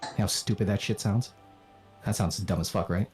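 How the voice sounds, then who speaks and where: A man raised in the Philippines chatting casually on a livestream, animated, swearing and laughing often. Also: lowish voice, fairly quick, over music. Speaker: streamer and voice actor.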